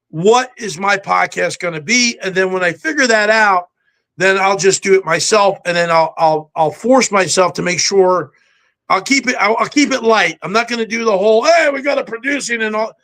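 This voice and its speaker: An older man, a podcast guest, telling stories in a brisk, self-assured way. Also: high voice, a bit bright. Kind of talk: casual podcast chat. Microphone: home setup with a backdrop.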